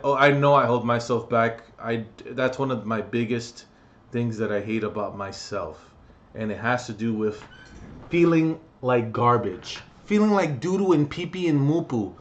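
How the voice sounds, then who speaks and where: Profane, rambling young man vlogging. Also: medium pitch. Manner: profane, jokey, swings between loud outbursts and mumbling. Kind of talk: rambling comedic monologue vlog.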